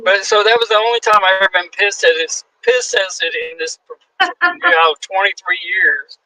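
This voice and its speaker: A man in his forties spins a backstage story with a high, swooping voice. He jumps into each quoted line and swears freely. His tone is bright and lively. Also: normal speed, no echo, poor audio. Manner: animated, acts out quotes in shifting voices. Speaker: guest wrestler. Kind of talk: casual storytelling.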